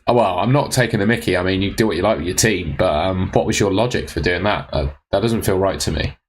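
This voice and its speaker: A man's voice: low voice, brisk, few pauses, slight background noise. A young man casually answering viewers' fantasy football questions on a live stream, laid-back and teasing.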